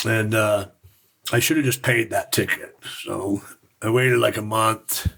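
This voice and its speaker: A man from Utah, a podcast guest, telling his stories in a frank, rambling, casual way with a gravelly, raspy voice. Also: lowish voice, fairly even intonation, a little slow, fairly bright tone. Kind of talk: casual storytelling.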